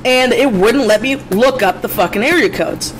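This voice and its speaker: A woman's voice: fairly high pitch, moderate pace, a little hiss or hum, low-quality recording. A woman artist vlogging casually, swearing a lot as she vents, then chatting while she shows her prints. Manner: profane, ranting, then chatty showing prints. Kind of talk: casual vlog.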